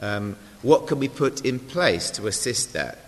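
Speaking in a lowish, sing-song voice at a measured pace, a lay preacher gives a casual, chatty sermon. He pokes fun at himself and makes asides to the congregation, all echoing with long hall reverb.

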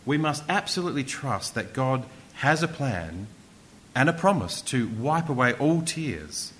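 Male pastor, middle pitch, animated delivery, quizzes the room, faint background hiss. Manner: questions the congregation, repeats words for emphasis. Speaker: preacher. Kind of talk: interactive sermon.

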